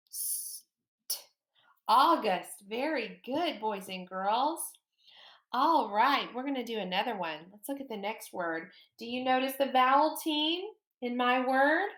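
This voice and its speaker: A woman teaching a phonics lesson to young children, sounding out letters slowly and praising often. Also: fairly high pitch, a bit bright, reverberant.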